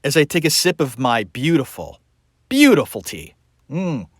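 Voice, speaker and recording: A man's voice: mid-range voice, wildly swooping pitch, moderate pace, dry recording, clean studio sound. A man hosting a podcast, ranting sarcastically and emphatically in a solo opinion monologue. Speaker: podcast host.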